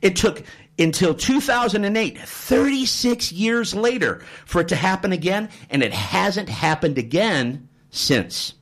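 Speaking at an unhurried pace in a high-pitched voice, a man hosts a radio talk show from the studio, using a studio microphone. He animatedly shares an anecdote and trades jokes with his guest.

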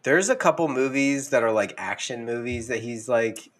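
A man's voice: medium pitch, expressive, normal speed. A man co-hosting a casual podcast, rambling and playful, often laughing as he talks. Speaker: podcast co-host.

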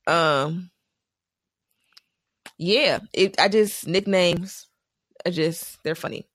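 A young woman in casual chat, telling animated stories and laughing often. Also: on the low side, very slow, dry recording, clean studio sound.

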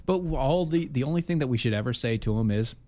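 A man's voice: medium pitch, expressive, fast, dark tone. A man hosting a casual chat show, playfully teasing and interrupting his co-host. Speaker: podcast host.

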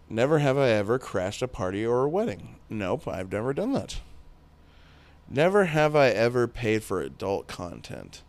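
A man in his thirties hosting a podcast solo, rambling and joking crudely in casual chat. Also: mid-range voice. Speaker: podcast host.

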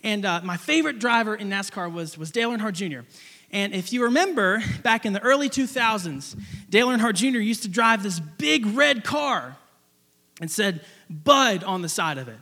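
High-voiced man preaching in a hall. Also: normal speed, gravelly. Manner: animated storytelling with many restarts. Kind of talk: sermon with personal story.

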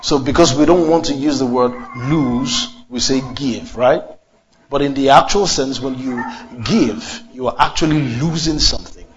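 A man's voice: medium pitch, normal speed, highs cut off. A man preaching a sermon, asking the congregation questions and leading call and response.

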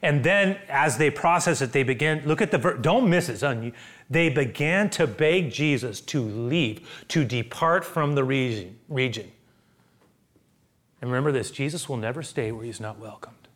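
A man preaching a sermon, repeating himself and acting out the people in the story, swinging from loud exclamations to hushed near-whispers. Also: medium pitch, animated, moderate pace. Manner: repeats words and acts out quoted voices. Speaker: pastor.

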